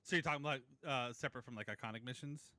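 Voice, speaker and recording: Man, teammate on voice chat, walkie-talkie filter, bright tense tone, dry sound, short replies. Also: medium pitch, very fast, no echo. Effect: voice changer, walkie-talkie sound. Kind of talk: casual game chat.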